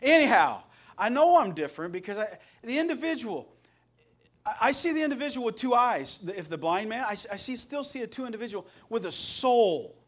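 A man's voice: very high-pitched, very animated, fairly quick. A middle-aged man from Indiana preaching a sermon as pastor, telling folksy stories with jokes along the way. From Indiana, USA. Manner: folksy, storytelling, joking.

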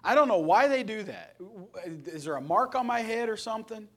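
Pastor, middle-aged man from Indiana, high voice, folksy storyteller with a joking streak. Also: sing-song, moderate pace, a bit bright. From Indiana, USA. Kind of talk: sermon.

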